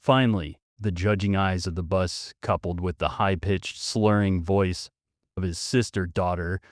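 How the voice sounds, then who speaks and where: A man's voice: sits low, fairly even intonation, unhurried, no room sound, clean studio sound. A man hosting a podcast, reading a story aloud with sardonic, mocking asides. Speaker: podcast host.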